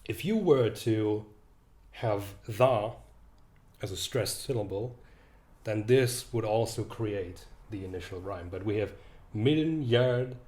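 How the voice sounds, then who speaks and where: A young man giving an online literature lecture, thinking aloud with hesitant fillers and restarts, reading verse lines slowly. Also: on the low side, a little mellow, reverberant. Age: young adult.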